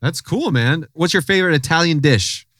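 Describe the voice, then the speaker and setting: Halting male podcast host, dry sound. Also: on the high side, expressive, a bit bright, no echo. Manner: hesitant, halting, many fillers. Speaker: podcast host interviewing a passerby. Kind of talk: casual street interview.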